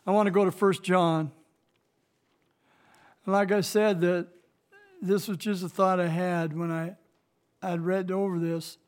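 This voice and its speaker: High-voiced man teaching the Bible. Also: little pitch movement. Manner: plain-spoken, halting, with restarts and fillers; reads scripture slowly, rising louder on key verses.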